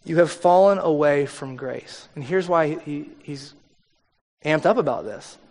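Pastor, male, casual joking sermon delivery, slightly higher voice, long church-hall reverb. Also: animated, unhurried, darkish tone. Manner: conversational and joking, acts out quoted voices.

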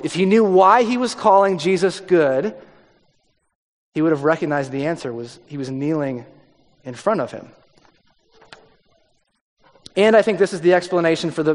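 Preaching man in a reverberant hall. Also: fairly high pitch. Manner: conversational preaching, dropping to near-whispers for emphasis. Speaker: pastor. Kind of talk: sermon.

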